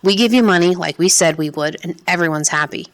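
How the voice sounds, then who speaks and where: A woman voicing a tired, sweaty male police interrogator who questions slowly and coaxingly. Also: fairly low pitch, lightly acted. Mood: menacing. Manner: slow, weary, coaxing questions.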